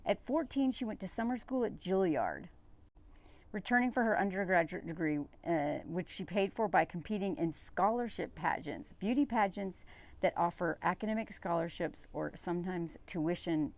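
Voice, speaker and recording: A woman's voice: lowish voice, moderate pace. A woman giving reaction commentary while reading an article aloud, with a sarcastic, exasperated, conversational manner.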